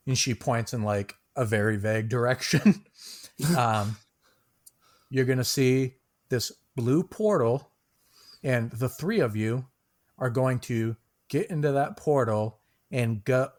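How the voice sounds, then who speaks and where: A man's voice: medium pitch, slow pace, pauses often, darkish tone. A man narrating a tabletop game as game master, casual and loose, with many fillers and small laughs.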